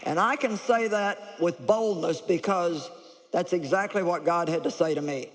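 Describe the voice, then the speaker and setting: A woman preaching a lively sermon, blunt and humorous, chuckling as she teaches. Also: on the low side, moderate pace. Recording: echoey large hall.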